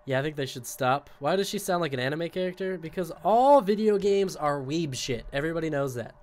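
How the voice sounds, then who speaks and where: A young man streaming a video game, talking casually with excitable outbursts, rambling asides and a lot of swearing. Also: fairly high pitch, brisk. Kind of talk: casual gaming commentary.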